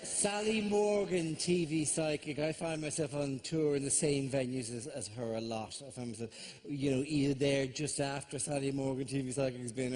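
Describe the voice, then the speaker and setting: A man's voice: mid-range voice, darkish tone. A man with an Irish accent doing a stand-up routine in a theatre, telling stories as a sardonic, ranting comic. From Ireland. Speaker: stand-up comedian. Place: large theatre stage.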